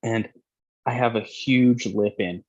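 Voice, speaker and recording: A man's voice: medium pitch, fairly even intonation, slow, a little mellow, dull audio. A young man casually telling a long, profane, rambling story as a podcast host.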